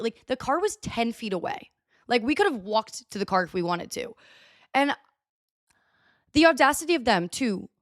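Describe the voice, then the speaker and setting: A young woman hosting a podcast, telling a story in a chatty, animated way with lots of filler words. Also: fairly high pitch, no room sound, studio quality. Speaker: podcast host. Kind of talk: casual storytelling monologue. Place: US (Texas area).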